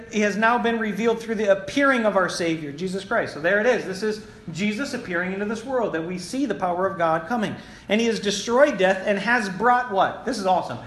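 Male pastor, sermon, emphatic, high-pitched, echoey church. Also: fairly bright tone, a little hiss or hum. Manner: emphatic, repeats key phrases, addresses the congregation. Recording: echoey room with faint ambience.

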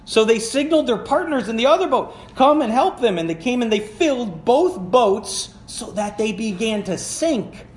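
A man's voice: very high voice, expressive, normal speed, few pauses, echoey room. A man preaching a sermon, reading scripture aloud and explaining it in a conversational way, asking the congregation questions as he goes. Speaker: pastor. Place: church sanctuary.

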